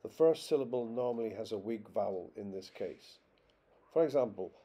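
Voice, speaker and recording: A man narrating a scripted phonetics lesson, reading example words one at a time in a slow, deliberate way. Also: on the low side, lively intonation, dark tone, husky. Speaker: teacher.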